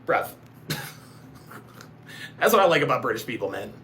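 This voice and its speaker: A man's voice: medium pitch, big pitch swings, moderate pace, pushed and bright, a little hiss or hum. A man hosting a live reaction stream, joking crudely, laughing often and reading chat aloud. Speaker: host of a dating-show reaction stream.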